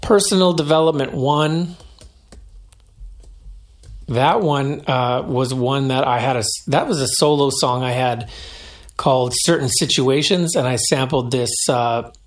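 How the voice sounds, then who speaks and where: A man talks loosely through his own old songs, stopping to poke gentle fun at himself. His voice sits in an ordinary middle pitch and his delivery is relaxed and unscripted, peppered with fillers and small restarts. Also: unhurried. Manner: relaxed and self-deprecating, with frequent "uh" and "like". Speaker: musician commenting on his own album. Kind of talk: casual spoken track-by-track commentary.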